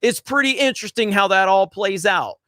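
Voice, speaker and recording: A man with a notably high voice rants through a livestream, heated and profane. He hammers his points with repetition and breaks off to read out viewer chats. The sound is dry and close, with no room echo. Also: brisk, bright, forceful tone. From Florida. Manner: profane, heated and emphatic, repeats himself. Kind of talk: ranting political commentary.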